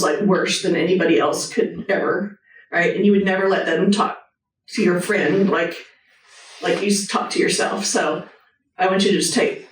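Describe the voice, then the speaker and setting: A woman's voice: on the low side, distant mic, a little hiss or hum. A woman, a surgeon giving an earnest, personal motivational talk with a short guided meditation to a live audience. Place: hospital hall with a live audience. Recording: echoey hall, voice from off the mic.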